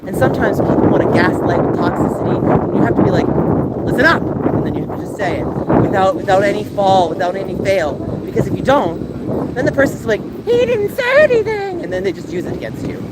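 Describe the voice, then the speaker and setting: A man's voice: sits high, fast. A man livestreaming while walking city streets, talking passionately and ranting to his chat, with a sore throat and coughs. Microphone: handheld game console mic. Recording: loud wind noise on a handheld device.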